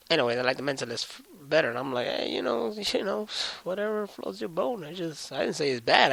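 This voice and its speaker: A young man hosting his own podcast, telling a story as a profane, animated solo rant. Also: mid-range voice, creaky, no room sound. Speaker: podcast host.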